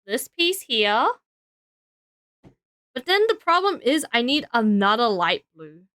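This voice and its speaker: A tired young Australian woman chats on a live stream, thinking out loud with lots of fillers. Her voice is bright, crisp and lively in pitch, recorded close and dry. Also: slow pace, no room sound. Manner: tired, rambling, thinking aloud with frequent fillers. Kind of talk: casual live-stream chat while building.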